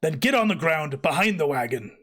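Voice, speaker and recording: A man's voice: on the high side, sing-song, brisk, a bit bright. Man doing a barking orc wall guard. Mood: threatening. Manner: barking, threatening orders. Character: gruff male orc guard on a fort wall.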